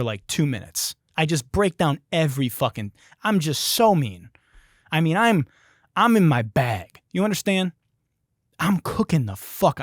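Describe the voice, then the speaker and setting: A podcast host from Detroit, United States, tells a comedic story in a profane, emphatic way. His medium-pitched voice comes through at studio quality with no echo.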